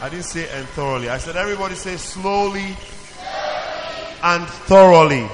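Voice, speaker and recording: High-voiced preacher quizzing a reverberant hall. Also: male voice, moderate pace, over music. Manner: animated, questioning the audience, calling for answers. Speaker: pastor teaching children. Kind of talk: call-and-response teaching to a children's church.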